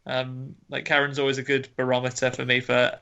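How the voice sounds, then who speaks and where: A man's voice: mid-range voice, completely flat delivery, fairly quick, creaky, bright, forceful tone, clear, resonant tone, highs cut off. A man co-hosting a casual horror film podcast, chatting in a rambling, hesitant way with many fillers. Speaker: podcast co-host. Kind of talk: casual chat.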